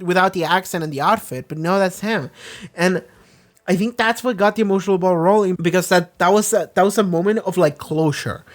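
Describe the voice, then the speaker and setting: A young man giving casual, excitable commentary on an anime episode, swearing freely and piling up fillers and restarts. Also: high-pitched. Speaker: anime reaction host.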